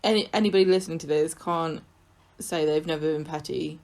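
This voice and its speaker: A woman's voice: low-pitched, steady tone, a little fast, a little mellow. A woman co-hosting a podcast, casually giving her opinions on soap scenes. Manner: opinionated, comments on what the scenes mean. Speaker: podcast co-host. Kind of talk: casual chat recapping a soap.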